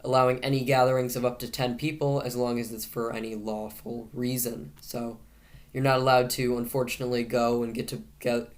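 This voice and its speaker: A man at a middle pitch talks through the day's news into a camera. His tone is casually sarcastic, with dry jokes dropped between the headlines. He keeps tripping over his words and fixing them as he goes. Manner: frequent self-corrections and restarts. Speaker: host of a news commentary show.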